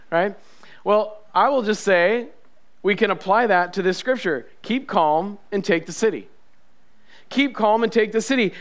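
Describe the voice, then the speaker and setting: A man's voice: high voice, fairly bright tone, clear, resonant tone. A male pastor preaching a sermon, emphatic and repetitive, asking the congregation questions.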